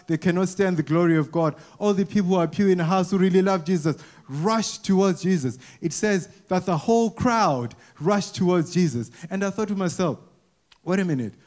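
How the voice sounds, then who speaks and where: Higher-voiced man preaching to a congregation. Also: a little mellow. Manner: repeats words, asks the congregation questions. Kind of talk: conversational sermon. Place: church, before a congregation. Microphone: wearing a mic.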